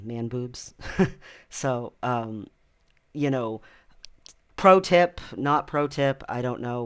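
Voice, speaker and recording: A man talking casually in a personal vlog, with a voice of ordinary middle pitch. He rambles loosely, stops often for ums, and breaks into laughter easily. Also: smooth. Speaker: vlogger.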